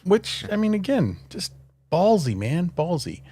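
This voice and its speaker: Casual podcast co-host, man, rambly, filler-heavy, lively up-and-down pitch, dry close sound. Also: measured pace, breathy edge, no echo. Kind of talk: casual chat.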